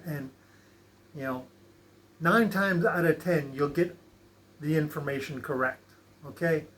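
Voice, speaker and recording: A man with a slightly raised pitch talks in a loose, unhurried way. He rambles through his points, stopping to restart phrases and filling gaps with small hesitations. The tone is a casual spiritual chat. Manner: relaxed, rambling, many fillers and restarts. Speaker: channel host.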